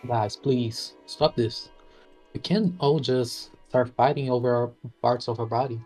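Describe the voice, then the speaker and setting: A man's voice: medium pitch, steady tone, unhurried, a little mellow, soft background music, close to an everyday voice. A man voicing an anxious, pleading hero inner voice. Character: timid heroic inner voice pleading for calm.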